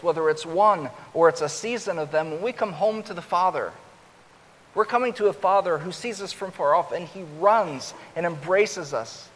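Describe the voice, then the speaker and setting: Man preaching in a reverberant hall. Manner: rises loud and high when acting out the older son's complaint. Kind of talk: sermon. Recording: long hall reverb with faint hiss.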